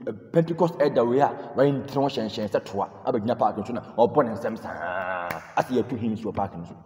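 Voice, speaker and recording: A man from Ghana giving a heated football rant, fired up, repeating words and breaking into shouts. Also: mid-range voice, fairly quick. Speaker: football commentator vlogger. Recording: reverberant room, distant mic, faint noise.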